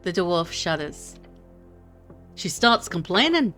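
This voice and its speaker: Bright-voiced woman streamer. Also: lowish voice, big pitch swings, takes it slowly, faint music behind. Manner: chatty, self-deprecating, rambling. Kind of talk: reading a game aloud and chatting with viewers.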